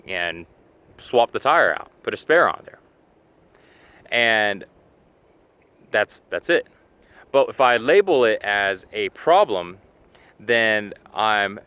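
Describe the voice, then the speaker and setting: A man with a lowish, bright, forceful and smooth voice hosts fitness and self-help videos. Talking to camera in a casual motivational way, he's chatty and full of "you know," acting out everyday scenes in quoted asides.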